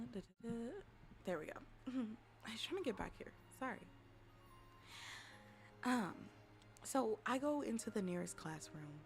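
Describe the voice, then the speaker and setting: A woman streamer at home on a desk mic, telling a story to her chat in a profane, dramatic way, swinging from loud outbursts to hushed whispers. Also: medium pitch, gravelly. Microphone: desk microphone.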